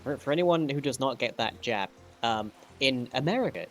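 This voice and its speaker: A man's voice: medium pitch, lively intonation, normal speed. A man from England, joking casually and stumbling over his words. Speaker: co-streamer. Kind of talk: casual chat.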